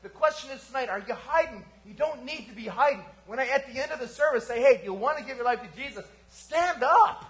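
A man preaching a sermon as pastor at a church service, swinging from fervent emphasis to hushed, quiet lines. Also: extremely high pitch, quick pace, hardly any pauses. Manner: animated preaching with sudden quiet drops.

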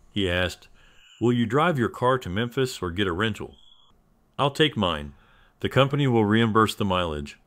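Deep-voiced man narrating a story. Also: fairly bright tone. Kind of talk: scripted narration.

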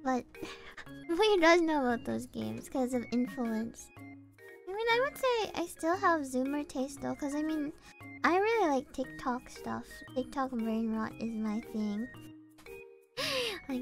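Young woman streamer, very high voice, giggly, cutesy third-person talk, faint music behind. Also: expressive, unhurried. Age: young adult. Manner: giggly, refers to herself in the third person, cute verbal tic "mo". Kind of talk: casual livestream chat. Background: faint background music.

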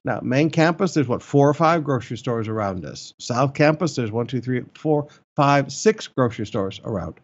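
A man's voice: mid-range voice, animated, moderate pace, hardly any pauses, slightly rough, lo-fi sound. An older man preaching as a pastor, earnest and repeating his key points for emphasis. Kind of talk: sermon and church announcements. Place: church in the Philippines.

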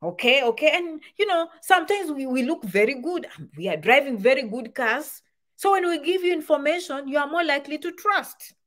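A woman's voice: high-pitched, animated, brisk, a bit bright. A woman giving casual advice to camera, full of rhetorical questions and repeated points. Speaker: immigration advice vlogger.

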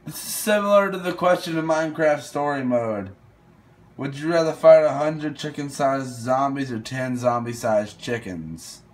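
A man's voice: medium pitch, normal speed. A young man casually commenting while playing a would-you-rather game, thinking aloud and hesitating over his picks. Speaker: gaming video host.

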